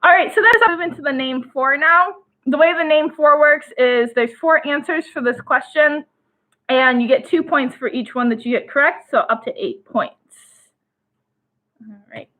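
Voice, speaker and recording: A young woman co-hosting a casual trivia live stream from home, chatty and giggly, reading questions out slowly. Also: sits high, pushed and bright. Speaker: trivia co-host. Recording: tinny phone-like stream audio.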